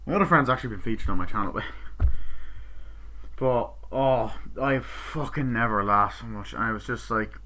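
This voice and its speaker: A man giving a rambling, profane, excitable spoken review of a film. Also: mid-range voice, normal speed, low-quality recording. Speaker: movie reviewer.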